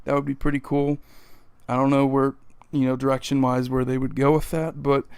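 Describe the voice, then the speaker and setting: A man's voice: medium pitch, level tone, brisk, darkish tone, smooth, no room sound. A young man hosting a casual opinion vlog, grumbling bluntly with lots of fillers. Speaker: channel host.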